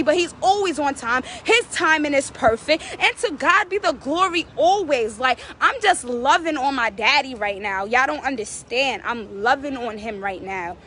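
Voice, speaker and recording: A woman's voice: high voice, lively intonation, normal speed, few pauses, sharp tone, slight background noise. A woman vlogger giving fervent, preachy encouragement, repeating phrases for emphasis. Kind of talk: casual inspirational talk.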